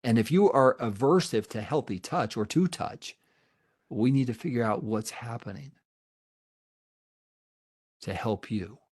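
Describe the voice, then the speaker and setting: A man's voice: mid-range voice, unhurried, pauses often, darkish tone, slightly rough. A middle-aged man, a therapist, giving an earnest webinar presentation with emphatic repetition and answering audience questions.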